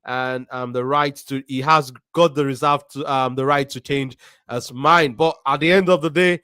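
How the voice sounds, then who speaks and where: A man co-hosting a live fan stream, reading viewer comments in a measured way with many ums. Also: mid-range voice, fairly even intonation, sharp tone, smooth, no room sound, clean studio sound. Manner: measured, with frequent ums and repeats.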